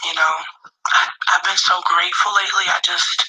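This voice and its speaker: A woman's voice: fairly low pitch, steady tone, brisk, noisy background. A woman singer speaking casually and heartfelt to her fans, emotional and swearing freely. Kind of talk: casual direct-to-camera talk.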